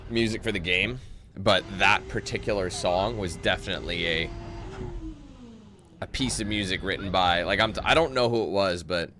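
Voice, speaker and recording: A laid-back man rambling through casual commentary over gameplay, tossing in joking asides. His voice sits fairly low, with faint background noise behind him. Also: pushed and bright.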